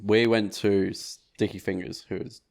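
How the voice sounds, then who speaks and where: A young man with an Australian accent chats as a podcast guest in a slightly low voice. He is laid-back and mocks himself, laughing easily and swearing now and then. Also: flat delivery, measured pace, vocal fry, darkish tone. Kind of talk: casual chat.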